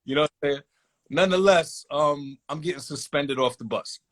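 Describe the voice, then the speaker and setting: A man tells a personal story in relaxed, casual talk. His voice sits a little higher than most men's, and he livens it up by acting out the voices of people in the story. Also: normal speed. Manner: animated, acts out other voices in quotes. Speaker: guest telling a personal story.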